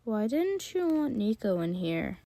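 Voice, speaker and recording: A woman playing a gentle teenage boy who is hurting, his voice high and hushed in a dry, close space. He pleads softly rather than fighting back. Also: big pitch swings, a little slow, no echo. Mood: pleading. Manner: pleading, soft. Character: gentle, hurting teen boy, soft-spoken. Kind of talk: fan audio story voice acting.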